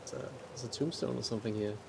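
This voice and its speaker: Guy streaming a game, chill offhand commentary, soft rain in the back. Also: medium pitch, fairly even intonation, very fast, creaky, noisy background. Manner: casual, offhand commentary while exploring. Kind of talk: casual let's-play chat.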